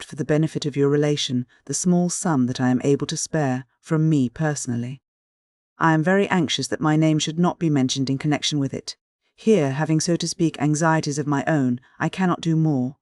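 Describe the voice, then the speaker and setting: A man's voice: on the high side, brisk, a little mellow, dry recording, clean studio sound, close to an everyday voice. A man voicing a pompous, calculating middle-aged man who speaks stiffly and condescendingly, in an audiobook.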